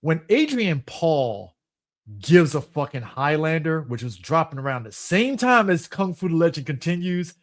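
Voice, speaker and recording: A man of middle pitch co-hosting a podcast, blunt and profane, quick to laugh and to cut in. His voice is recorded dry and close, with no echo. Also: sing-song. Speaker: podcast co-host. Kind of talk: casual chat.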